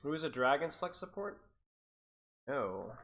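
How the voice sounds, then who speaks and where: A man streaming and chatting loosely with his viewers, his pitch swinging up and down a lot. He rambles, repeats phrases and laughs between thoughts. He talks in a casual, offhand coaching-stream way. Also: very animated, a little slow, fairly bright tone. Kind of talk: casual livestream chat.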